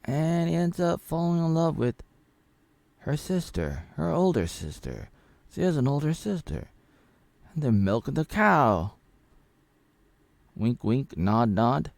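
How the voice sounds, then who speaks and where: A man's voice: fairly high pitch, a little slow, creaky, pauses often, dry recording. A man casually recapping an old film, rambling and joking as he retells the plot. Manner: rambling, jokey retelling with acted-out quotes. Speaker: film reviewer.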